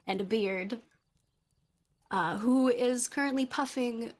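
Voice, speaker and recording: A woman's voice: fairly high pitch, extremely slow. Laughing woman game master. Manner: casual, often laughing, many fillers. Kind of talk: narrating a tabletop game.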